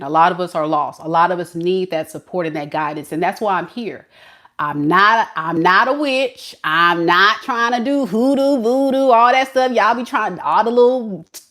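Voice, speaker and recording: A woman who reads tarot, talking casually to camera with a preachy, colloquial delivery and drawn-out emphasis. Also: fairly low pitch, fairly bright tone. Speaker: tarot reader.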